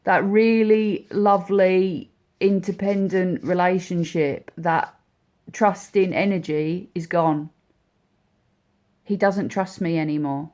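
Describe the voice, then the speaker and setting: A woman speaking as a mother, telling a personal story in a heartfelt, halting way with many repeats and restarts. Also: on the low side, fairly even intonation, darkish tone. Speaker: mother speaking about her son.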